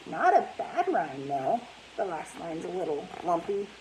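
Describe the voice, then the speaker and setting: Woman teacher, storybook read-aloud, very lively pitch, faint background noise. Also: normal speed, rough recording. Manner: animated, asks listeners questions.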